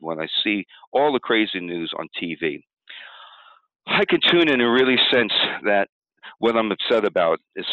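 Male tapping teacher, low voice, patient demo style, heard through a narrow phone-line sound. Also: no room sound. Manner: calm, explanatory, acts out upset self-talk while tapping. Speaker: tapping technique instructor. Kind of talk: demonstration walkthrough. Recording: tinny phone-like audio, dry.

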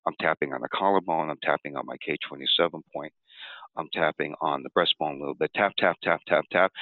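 A man teaching a tapping technique step by step in a calm, explanatory way, now and then acting out upset self-talk. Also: rumbling low, quick pace, no room sound. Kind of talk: demonstration walkthrough. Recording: tinny phone-like audio, dry.

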